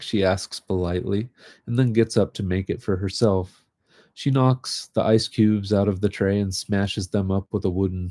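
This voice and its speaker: A man reading literary short stories aloud in a calm, unhurried way, chatting casually between them. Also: low-pitched, no room sound, studio quality. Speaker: reader of short fiction. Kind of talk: live reading of literary fiction.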